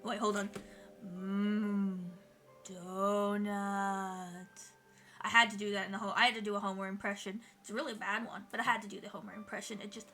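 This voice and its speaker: A woman's voice: mid-range voice, level tone, very fast, few pauses, bright, forceful tone, soft background music. A woman streamer chatting casually with her viewers while she draws, swearing freely and laughing often.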